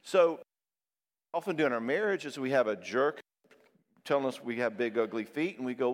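Animated man in a reverberant hall. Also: medium pitch, fairly quick, long pauses. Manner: animated storyteller who acts out both sides of conversations. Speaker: marriage counselor and speaker. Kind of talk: conversational Christian talk with stories.

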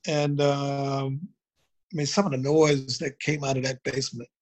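A man's voice: mid-range voice, steady tone, measured pace. A man from Baltimore, a drummer and guest in a casual interview, telling stories in a loose, rambling way full of "you know". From Baltimore, United States.

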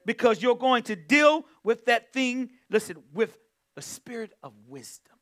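High, lively, bright-voiced fervent pastor. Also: male voice, unhurried. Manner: fervent, exclaiming and humming between points; calls on the congregation to respond. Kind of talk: sermon.

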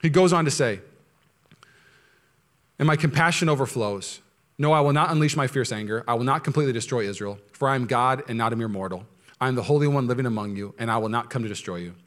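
A male pastor preaching a sermon, moving between quiet, low asides and loud, high, impassioned stretches. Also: fast talker.

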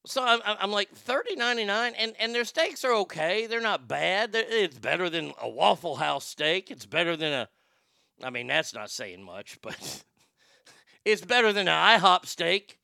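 High bright-voiced joking male host. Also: big pitch swings, normal speed, gravelly, no room sound, studio quality. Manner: loose, joking, profane banter. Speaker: show host. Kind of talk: casual rambling chat show.

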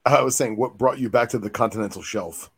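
A man's voice: mid-range voice, a little fast, fairly bright tone, slightly rough. A man co-hosting a podcast, asking casual follow-up questions in a laid-back way. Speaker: podcast co-host. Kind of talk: casual interview chat.

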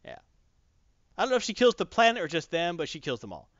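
A man co-hosting a podcast in casual chat, rambling and animated as he acts out quotes. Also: high-pitched, fast talker, no room sound, dull audio.

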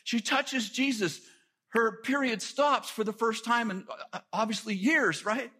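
A middle-aged man preaching a sermon, telling stories with lively asides and quick jokes. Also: very high voice, husky. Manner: animated storytelling with quick asides.

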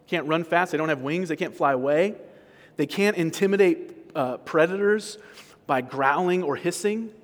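A man's voice: fairly high pitch, normal speed. Male pastor preaching in a reverberant hall. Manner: conversational preaching with frequent restarts and rhetorical questions. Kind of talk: sermon. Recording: sermon recorded in a large reverberant hall.

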